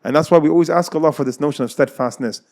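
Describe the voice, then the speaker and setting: Fast-talking American man telling a story. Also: on the high side. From United States. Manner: animated, acts out dialogue, laughs often. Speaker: guest telling his life story. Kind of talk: casual storytelling.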